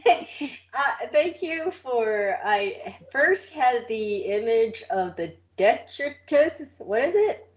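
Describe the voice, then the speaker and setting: A woman co-hosting a casual podcast, easily flustered and quick to giggle. She talks slowly, with a fairly high voice that swoops up and down. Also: animated, highs cut off. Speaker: podcast co-host. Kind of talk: casual chat.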